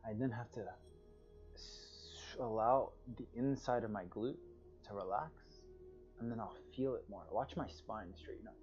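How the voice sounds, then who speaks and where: A man teaching a guided yoga class over a livestream, with calm, soothing, drawn-out cues and sighs of relief. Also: on the low side, dull audio, faint music behind.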